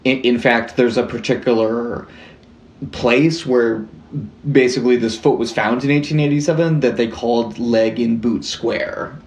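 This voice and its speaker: Young male podcast co-host, mid pitch, rambly casual storyteller, roomy sound. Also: fairly even intonation, unhurried. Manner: rambling, lots of "like" and restarts, swears casually. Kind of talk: casual chat, true-crime storytelling.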